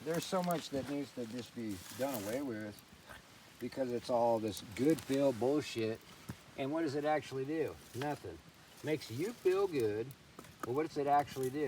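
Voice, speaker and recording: A blunt, foul-mouthed man rants by a campfire, his voice at an everyday middle pitch. He sits back from the mic, so he sounds a little distant, with faint outdoor noise around him. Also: darkish tone. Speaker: host. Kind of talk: fireside rant.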